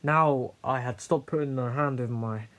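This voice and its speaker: A young man telling a personal story in a candid, halting way, with many fillers and some swearing. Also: medium pitch, fairly bright tone. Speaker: host sharing his story.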